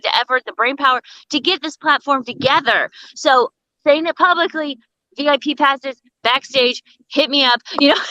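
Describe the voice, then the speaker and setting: A woman stand-up comic telling bawdy stories as a guest in an interview, brash and animated. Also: high-pitched, poor audio. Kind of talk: comedic storytelling in an interview.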